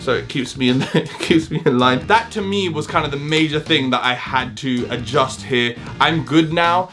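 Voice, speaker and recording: A man with a London accent talking casually to camera in a vlog, chatty and given to loud whooping exclamations. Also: mid-range voice. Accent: London English. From London, England. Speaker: vlogger.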